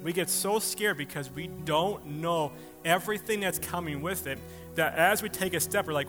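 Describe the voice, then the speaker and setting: A man's voice: on the high side, moderate pace, music in the background. A man preaching a sermon, telling a personal story with laughs and acted-out quotes. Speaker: pastor.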